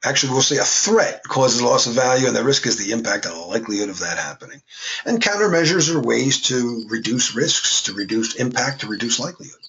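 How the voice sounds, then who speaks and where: A man's voice: medium pitch, animated, a little fast, fairly bright tone, rough recording. A man teaching a class in a casual, conversational way, with joking asides. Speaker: instructor. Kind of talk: classroom lecture.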